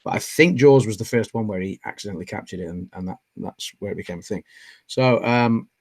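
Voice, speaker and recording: Gravelly-voiced hesitant man. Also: on the low side, a little fast, darkish tone, no echo. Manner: hesitant, full of restarts and self-corrections. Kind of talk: casual movie chat.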